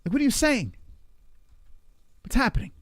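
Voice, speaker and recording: A man hosting a livestream, loud and profane, reacting to a clip and talking to his chat. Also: very high-pitched, big pitch swings, moderate pace, no room sound, clean studio sound. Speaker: livestream host. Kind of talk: casual livestream commentary.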